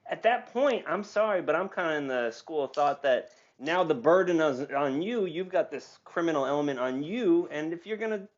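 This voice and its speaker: A man's voice: fairly high pitch, animated, moderate pace, hardly any pauses, muffled recording. Teasing man arguing his point. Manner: teasing, argumentative. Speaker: guest. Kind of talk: casual chat. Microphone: video call.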